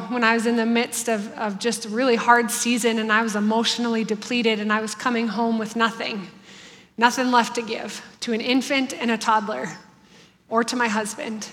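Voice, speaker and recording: A woman in her thirties, speaking on family life at church, gives an earnest, heartfelt devotional talk to a congregation. Her voice is on the high side and fairly bright, with long hall reverb.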